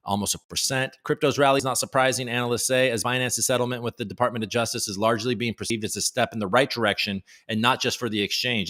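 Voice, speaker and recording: A man's voice: medium pitch, fairly bright tone. Casual man hosting a news livestream. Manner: casual, reads headlines aloud with joking asides. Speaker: host.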